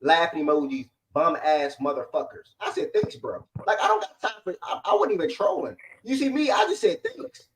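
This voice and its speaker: A man hosting a sports show who argues quickly, repeats his phrases and needles his co-host. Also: very high voice, wildly swooping pitch, husky, rough recording. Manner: fast, keeps repeating phrases, mocking. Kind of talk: heated sports debate.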